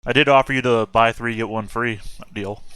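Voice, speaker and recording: Smug haggling merchant, tabletop player, bright and crisp. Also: male voice, medium pitch, steady tone, moderate pace, dry recording, poor audio. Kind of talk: in-character tabletop role-play.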